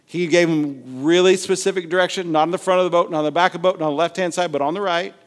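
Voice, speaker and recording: Animated high-voiced preacher man. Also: fast. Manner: animated, acts out Bible scenes with voices and laughter. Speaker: pastor. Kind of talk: sermon.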